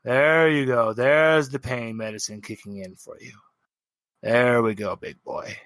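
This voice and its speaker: A man's voice: mid-range voice, steady tone, a little slow, a bit bright, no echo, studio quality, natural voice. A man voicing a cocky, playful male cyborg fixer who teases with pet names, in a tabletop game. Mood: reassuring. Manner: teasing, calls people big boy.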